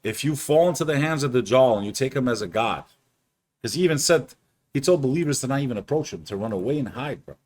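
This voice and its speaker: A man's voice: mid-range voice, expressive, fast talker, a little mellow. A man co-hosting a casual stream chat, earnest and preachy, giving solemn warnings. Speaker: podcast co-host.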